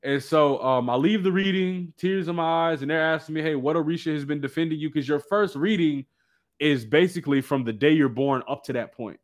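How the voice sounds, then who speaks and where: A man telling a personal story in casual chat, animated and slangy. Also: on the high side, a little fast. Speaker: guest.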